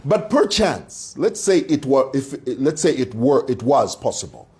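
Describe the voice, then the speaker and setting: A man's voice: medium pitch, very animated, measured pace, a little mellow. A man hosting an online commentary show, delivering a combative, mocking monologue and addressing his viewers like a preacher. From Zambia. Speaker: commentary channel host.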